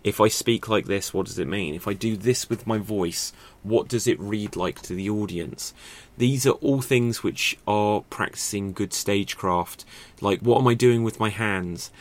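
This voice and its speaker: Man teaching stagecraft, low voice. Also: a little slow. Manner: thoughtful, rhetorical questions, many fillers. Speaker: acting and improv teacher. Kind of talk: casual spoken lesson to camera.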